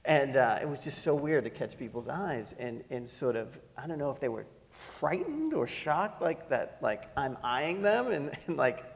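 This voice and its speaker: A middle-aged man telling a personal story to an audience, animated and laughing as he acts out the voices in it. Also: medium pitch, normal speed, gravelly, few pauses, in a large hall. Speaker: panel speaker. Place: lecture hall.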